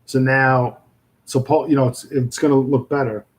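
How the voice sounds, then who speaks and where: A man's voice: mid-range voice, flat delivery, moderate pace, low-quality recording. A man with a Brooklyn accent chatting casually and rambling with viewers on a livestream, full of fillers and restarts. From New York. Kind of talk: casual live chat.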